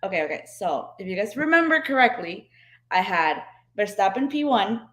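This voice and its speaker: Woman co-host, casual chat, excitable, roomy echoey sound, middle pitch. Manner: excitable, quick bursts of enthusiasm. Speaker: podcast co-host.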